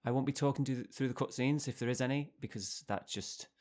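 A man hosting a horror game playthrough, excitable and nervous, talking straight to his viewers. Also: medium pitch, a little fast. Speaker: let's play host. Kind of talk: gaming commentary.

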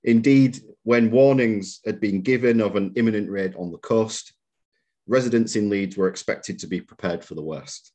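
Male museum lecturer, somewhat low and husky, measured lecture delivery. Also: mellow. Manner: measured, reads out quotations, occasional fillers. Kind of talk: public history lecture. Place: lecture room.

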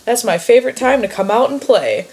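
A woman's voice: a little high, animated, a little fast, a little mellow, voice pushed up. A woman reading aloud the lines of a chirpy male bunny in a costume, in a sing-song rhyming patter. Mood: cheery. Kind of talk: reading game dialogue aloud.

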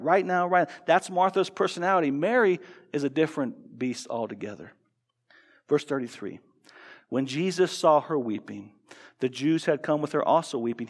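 A fairly high-voiced American man preaches with earnest feeling, often doubling back on his words and putting questions to the congregation. His voice carries a long church-hall reverb. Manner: earnest, with repeated restarts and rhetorical questions. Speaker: pastor. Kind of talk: sermon. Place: church sanctuary.

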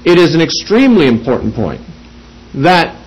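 A man giving a verse-by-verse Bible teaching, reasoning through each point deliberately with small restarts. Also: a little high, big pitch swings, slightly rough, rough recording.

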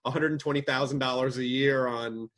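A man hosting a podcast, chatting casually over a video call in a quick, jokey way. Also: mid-range voice, fairly even intonation, fairly bright tone. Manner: quick, jokey, slips into mock voices. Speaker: podcast host.

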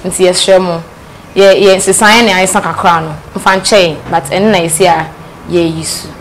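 A woman's voice: on the low side, fairly even intonation, normal speed, a little hiss or hum, rough recording. A woman with a Ghanaian accent hosting a casual talk show, teasing her guest and repeating her questions. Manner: teasing, switches between Twi and English, repeats questions. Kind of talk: casual chat show interview.

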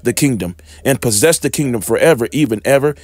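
A man's voice: medium pitch, fast talker, dry recording. A man preaching a fired-up sermon on his channel, emphatic and repetitive, with sudden profane outbursts. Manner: excited, emphatic, repeats himself.

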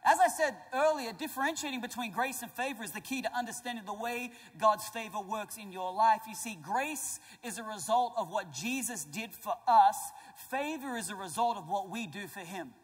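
A male pastor with a high, slightly husky voice delivers an emphatic sermon, pressing his points and joking with the congregation. His voice rings through a large church hall with a long echo. Soft music plays underneath. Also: moderate pace, few pauses. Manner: emphatic, rising to loud declarations. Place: church auditorium.

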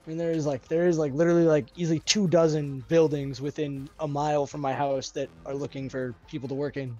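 A streamer from Massachusetts with a Worcester accent, rambling in casual gaming chat with lots of filler words. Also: male voice, a little high, little pitch movement, fast talker, mellow. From Massachusetts, USA. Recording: dull lo-fi mic with game music.

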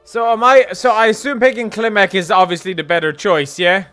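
An Irish gaming streamer with a high, bright voice delivers casual let's play commentary, rambling, joking and ranting sarcastically as he plays. His tone is steady and forceful and his pace brisk, with soft background music and no room sound.

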